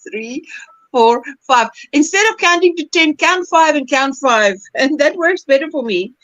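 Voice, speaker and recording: A woman hosts a casual crochet livestream, her voice high and swinging widely in pitch as she laughs and reads out comments. The sound is close and dry, with no room around it. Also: animated, a little slow, a bit bright, dry recording, low-quality recording. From South Africa. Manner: laughs often, reads viewer comments aloud.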